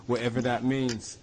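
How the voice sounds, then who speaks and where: A man hosting a casual sports podcast, full of laughing, hyped banter. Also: mid-range voice. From England. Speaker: podcast host.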